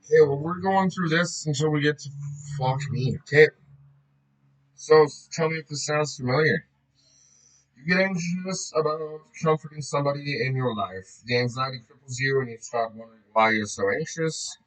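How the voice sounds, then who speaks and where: A man's voice: on the high side, normal speed, fairly bright tone, poor audio. A man reading a book aloud in a casual way, often breaking off to joke, swear and laugh.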